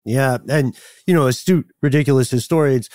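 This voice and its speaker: A man's voice: mid-range voice, moderate pace, dry recording, studio quality. A man co-hosting a podcast who chats casually, jokes around and laughs easily. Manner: jokey, animated, laughs often. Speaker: podcast co-host. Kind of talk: casual chat.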